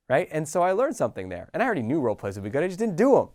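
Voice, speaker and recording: Animated, casual man with a lively voice. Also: fairly high pitch, rapid-fire, no room sound, clean studio sound. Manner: casual and animated, acting out little scenes with sighs and laughs. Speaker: coach. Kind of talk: motivational talk to camera.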